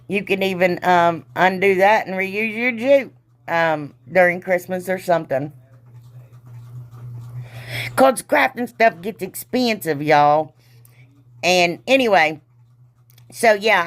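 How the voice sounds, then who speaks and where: A woman's voice: lowish voice, unhurried. Rambling, giggly woman crafter. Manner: rambling and self-teasing, often says "y'all"; loose and giggly, trails off mid-sentence. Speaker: craft channel host. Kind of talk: chatty voice-over crafting tutorial.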